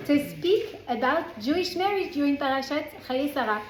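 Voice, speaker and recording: A woman's voice: sits high, big pitch swings, unhurried, few pauses, a crowd in the background. French-accented woman teaching a class. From France. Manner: chatty, self-correcting, with frequent restarts. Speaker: Torah teacher. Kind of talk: informal class lecture. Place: indoor class room with a small group. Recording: roomy echo in a class room.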